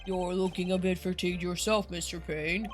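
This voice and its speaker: A woman's voice: fairly low pitch, level tone, moderate pace, faint music behind, voice pushed down, lightly acted. A woman voicing an older male judge with formal courtroom delivery.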